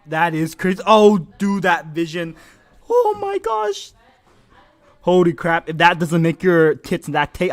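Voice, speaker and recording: A man streaming live commentary on a mobile game match, hyped and crudely joking, full of exclamations. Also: on the high side.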